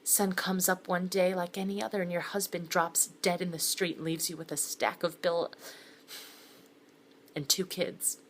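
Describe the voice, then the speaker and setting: A woman's voice: fairly low pitch, flat delivery, moderate pace, slight background noise. A middle-aged woman giving scripted first-person thriller narration with wry, sardonic asides, sometimes sinking to a whisper. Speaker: narrator of a thriller web series.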